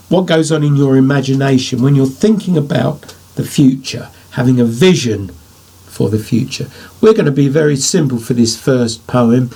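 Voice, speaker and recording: A man's voice: mid-range voice, vocal fry, mellow, slightly rough. An older man, a poet, giving a writing lesson to children, thinking aloud as he drafts and praising imagined answers.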